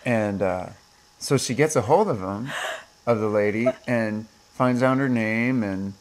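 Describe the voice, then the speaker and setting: Guy with a low voice just chatting, laid back. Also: unhurried. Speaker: host. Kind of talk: casual chat.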